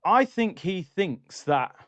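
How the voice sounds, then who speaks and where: A man hosts a live football watchalong, chatty and opinionated as he reads out viewer comments. His voice sits a little high. The recording is dry, with no room sound. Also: very animated, slow pace, no room sound, lo-fi sound. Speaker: livestream host.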